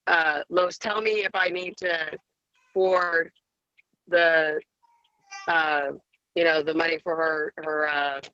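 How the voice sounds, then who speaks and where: A woman trading coach speaking on a group call, emotional and hesitant, with many pauses. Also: sits low, fairly even intonation, bright, forceful tone. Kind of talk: casual talk on a group call. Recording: dry, dull, lo-fi sound.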